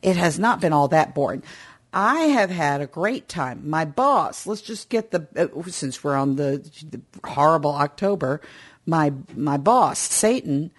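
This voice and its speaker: A woman's voice: sits low, a little slow, breathy edge. A woman chatting casually with a friend, telling stories in a playful way. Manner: lively storyteller, playful quoting. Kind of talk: casual chat.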